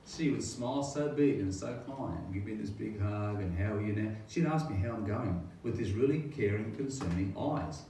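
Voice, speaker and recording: His voice fairly low and mellow, this middle-aged pastor earnestly recounts his faith testimony in a rambling way, leaning on rhetorical questions. You hear heavy room echo, a faraway mic, and a faint hiss of noise.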